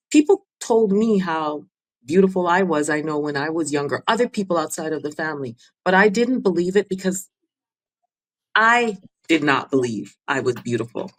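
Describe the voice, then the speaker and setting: Earnest low-pitched woman giving advice. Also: low-quality recording. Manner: earnest, gives advice in short repeated phrases. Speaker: podcast guest and mentor. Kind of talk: casual interview chat.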